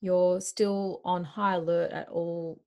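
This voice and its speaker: A woman hosting a podcast, asking gentle, sympathetic questions. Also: fairly low pitch, level tone, takes it slowly. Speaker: podcast host. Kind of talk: host reading ad and interviewing.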